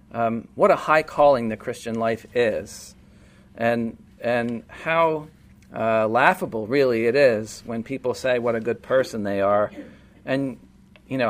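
Man preaching a casual sermon. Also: mid-range voice. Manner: conversational, asks the room questions. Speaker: pastor.

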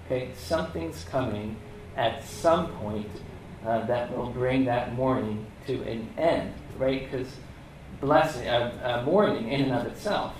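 Leading a relaxed Bible lesson, a preacher often asks rhetorical questions and checks in with "okay?". His voice is mid-range and a little slow. A distant mic in an echoey room picks him up, with a little hiss or hum.

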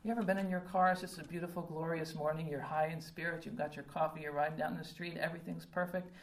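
Low-voiced woman preaching in an echoey hall. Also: fairly even intonation, fast talker. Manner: earnest, piles up rhetorical questions with many um fillers. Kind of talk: sermon. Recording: roomy echo from a distant mic, faint ambience.

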